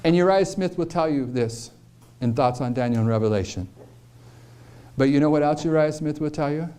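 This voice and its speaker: A man's voice: fairly high pitch, moderate pace, mellow, clear, resonant tone. A man giving a prophecy lecture, explaining carefully with repeated questions and emphasis. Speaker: preacher.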